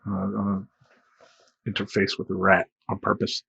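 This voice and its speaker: Guy rambling thru a funny story, self-mocking, gravelly voice, dull lo-fi audio. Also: on the low side, monotone, measured pace, fairly bright tone. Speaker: life coach telling a story. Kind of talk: comedic personal storytelling. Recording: dull lo-fi sound.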